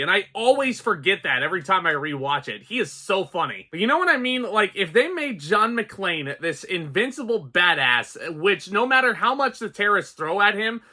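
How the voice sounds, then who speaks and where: A young adult man giving an excitable, chatty movie review, addressing his viewers as guys. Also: sits high. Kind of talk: casual spoken movie review.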